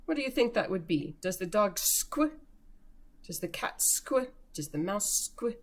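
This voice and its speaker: A woman teacher giving a recorded remote lesson to young children, slowly sounding out words for early readers. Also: medium pitch, sing-song.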